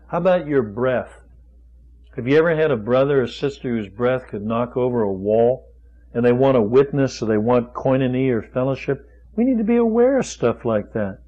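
A man's voice: mid-range voice, a little mellow, low-quality recording. A man preaching a sermon, firing off rhetorical questions with folksy asides.

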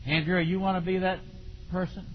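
A middle-aged man preaching a sermon in a folksy, animated way, with sudden shouts. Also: high voice, brisk, a little hiss or hum. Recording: dull lo-fi recording in a long-reverb hall.

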